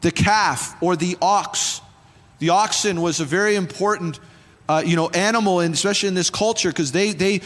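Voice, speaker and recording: High-voiced man preaching in a church hall. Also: normal speed, fairly bright tone. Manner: passionate preaching, repeats phrases, rises to fervent exhortation. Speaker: pastor. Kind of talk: sermon. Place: church sanctuary. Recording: church hall reverb with faint music.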